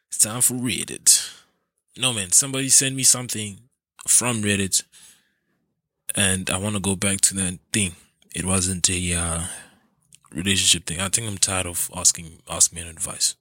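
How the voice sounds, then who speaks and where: Solo host, male, deep and punchy, dry close sound, loose rambling delivery. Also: pushed and bright, dry recording. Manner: rambling, self-interrupting, laughs at himself. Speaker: podcast host. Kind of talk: casual solo chat.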